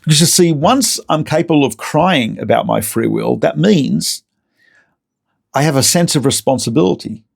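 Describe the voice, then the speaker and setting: Male rabbi lecturer, gravelly, slightly high-pitched, animated, self-correcting. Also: normal speed. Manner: animated storyteller with self-corrections and repeated words. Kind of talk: recorded lecture.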